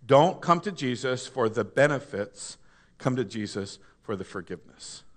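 A man's voice: medium pitch, animated, moderate pace. A man preaching a sermon, emphatic, asking the congregation to answer back. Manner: call-and-response with congregation, emphatic, rising to loud.

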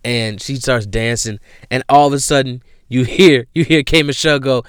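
Profane, animated male podcast host. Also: mid-range voice, moderate pace, few pauses, clean tone, dry recording, studio quality. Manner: profane, animated storytelling with frequent laughs. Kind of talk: casual comedic monologue.

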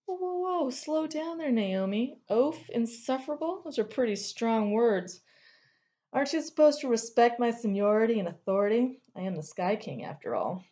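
A woman's voice: fairly high pitch, lively intonation, moderate pace, dark tone, voice pushed up, natural voice. A woman voicing an arrogant, sarcastic male elemental king who speaks in a curt, contemptuous, mocking way. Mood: scornful.

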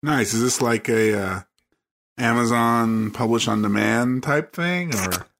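A man co-hosting a podcast in casual chat, relaxed and agreeable, thinking aloud. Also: medium pitch, a little slow, creaky. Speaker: podcast co-host.

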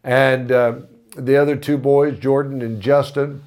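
A man's voice: mid-range voice, steady tone, measured pace, darkish tone. A man preaching a sermon, telling a story with earnest feeling and rising to impassioned emphasis. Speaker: pastor.

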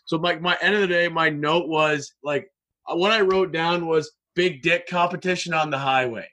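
A man telling a story in casual chat, profane and animated. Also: on the high side, normal speed.

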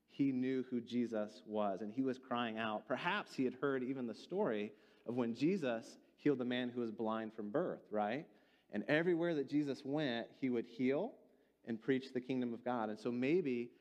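A man preaching a sermon, reading scripture slowly and then explaining it earnestly, asking the congregation questions. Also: mid-range voice, a little mellow, lo-fi sound. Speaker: pastor. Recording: church hall with long reverb.

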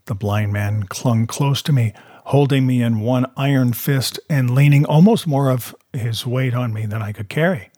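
A man narrating a novel aloud in a steady, measured way. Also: mid-range voice, dry recording, studio quality.

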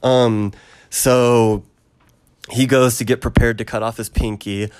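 A man in casual chat, retelling a film's plot in a rambling way with many ums and quick acted quotes. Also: medium pitch, level tone, smooth. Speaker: podcast co-host recapping a film.

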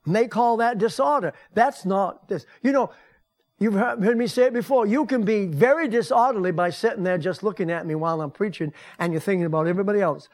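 An older male pastor with a high voice gives a folksy sermon in a church. He talks to the congregation like a conversation, then leans hard into emphasis on key phrases. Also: brisk, a little mellow. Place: church sanctuary.

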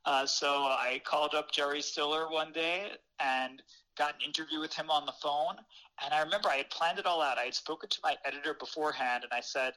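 A former reporter tells a long anecdote as an interview guest, animated and quick to laugh. His voice sits a bit high and sounds bright and forceful, with plenty of fillers. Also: rough recording. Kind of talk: casual storytelling.

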